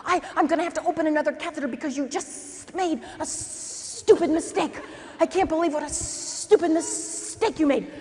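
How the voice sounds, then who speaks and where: A woman playing an impatient, tall, thin male nursing instructor who hisses and yells at a student. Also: very high voice, normal speed. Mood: hissing angry. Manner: hissing whisper turning to furious yelling. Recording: echoey hall with faint noise.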